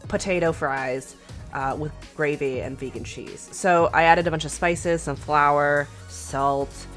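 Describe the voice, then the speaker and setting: A woman's voice: sits low, fairly even intonation, slow pace, faint music behind. A woman with a sick, congested voice, chatting casually through a food vlog with lots of fillers. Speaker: food vlogger.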